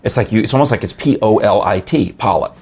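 A man's voice: lowish voice, fast, a little mellow, slightly rough. A man from New York with a New York accent, chatting casually and telling rambling, playful stories. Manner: rambling storyteller, playful, laughs often. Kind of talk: casual chat.

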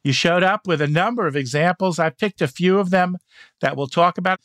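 A man's voice: high-pitched, brisk, a bit bright, dry recording, clean studio sound. An American man hosting a podcast, asking a guest questions in a friendly conversational way. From United States. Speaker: podcast host. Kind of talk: interview questions.

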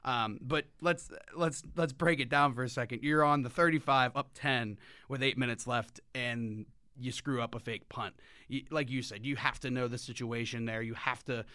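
A man's voice: medium pitch, fairly even intonation, moderate pace, pushed and bright, clean tone, dry recording. A man co-hosting a sports talk show, agreeable and chatty, often affirming his partner. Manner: agreeable, frequent affirmations, laughs easily. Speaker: sports podcast co-host.

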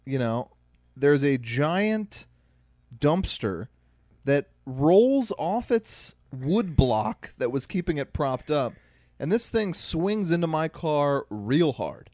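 A young man co-hosting a podcast, telling stories in casual, animated chat. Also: on the high side, dry recording, studio quality. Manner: animated storyteller, quick asides. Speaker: podcast co-host.

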